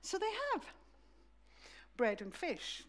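A woman preaching a sermon in a church, telling the story in a lively way and acting out the voices. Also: a little high, slow pace.

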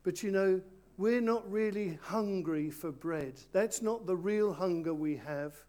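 A man's voice: sits high, unhurried, darkish tone. A man preaching in a church, leading a children's talk with volunteers and speaking playfully and directly to them. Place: church before a congregation.

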